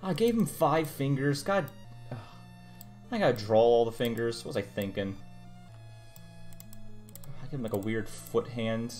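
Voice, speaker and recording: A man's voice: medium pitch, expressive, normal speed, long pauses, darkish tone. A young man streamer chatting casually while he draws, rambling and muttering to himself about his work. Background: music playing.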